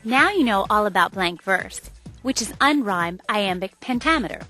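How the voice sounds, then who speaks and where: A woman's voice: medium pitch, expressive, moderate pace, sharp tone, soft background music. A woman giving an upbeat, scripted educational narration. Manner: upbeat, explanatory.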